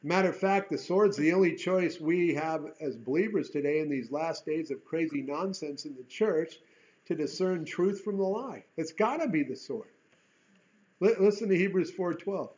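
A man's voice: fairly high pitch, moderate pace, a little mellow, muffled recording. A man teaching through a Bible chapter in a conversational way. He reads scripture aloud and breaks off into folksy asides and rhetorical questions.

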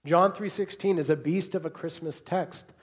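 A man preaching a sermon to a congregation in a church hall, moving between hushed, quiet repetitions and loud, emphatic bursts. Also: on the high side, normal speed. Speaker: pastor.

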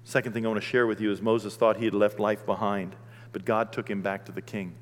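A man preaching a sermon, animated, swinging between loud outbursts and hushed, gentle talk. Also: on the low side, a little fast, big-room sound.

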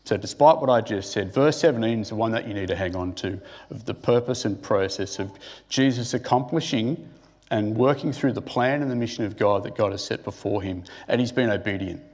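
A man's voice: fairly low pitch, a little fast, a little mellow. Man preaching with rhetorical questions. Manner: asks the listeners rhetorical questions; thinks aloud with restarts. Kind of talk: conversational sermon.

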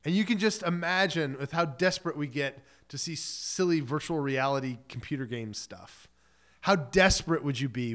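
A man's voice: fairly high pitch, a bit bright. A man pastor giving a sermon in a casual, joking storyteller manner. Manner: casual, joking storyteller who acts out quotes.

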